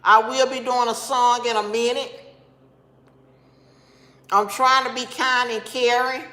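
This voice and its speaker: Blunt, bright-voiced woman streaming in an echoey room. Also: fairly high pitch, fairly even intonation, unhurried. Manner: scolding, blunt, talks back to commenters. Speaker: live-stream host. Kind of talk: casual live-stream chat with viewers. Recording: echoey room with long reverb.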